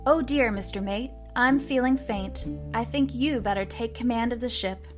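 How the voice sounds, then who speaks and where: A woman reads an old story aloud and voices a genteel, flustered lady steamboat captain. She pleads with fussy, exaggerated politeness, and her voice climbs high. Soft music plays behind her. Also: normal speed, lightly acted.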